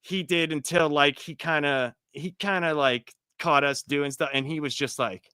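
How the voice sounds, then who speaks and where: A man chatting as a podcast guest, telling stories in a profane, animated way. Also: on the high side, normal speed, hardly any pauses, clear, resonant tone, dry recording. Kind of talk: casual podcast chat.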